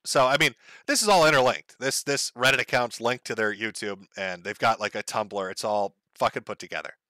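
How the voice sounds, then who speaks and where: A man's voice: mid-range voice, a little fast, sharp tone, no echo. A man hosting a show, giving crude, sarcastic commentary on online posts. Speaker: show host.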